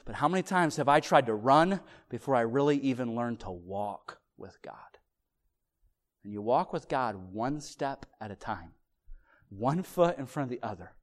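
A man preaching a sermon, telling a family story in an animated way that swings from loud excitement to hushed softness. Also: medium pitch, moderate pace, big-room sound. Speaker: pastor.

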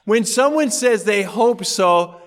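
A man's voice: high-pitched, expressive, slow, long reverb tail. A male pastor preaching a sermon in a church auditorium, talking in a conversational way and telling anecdotes.

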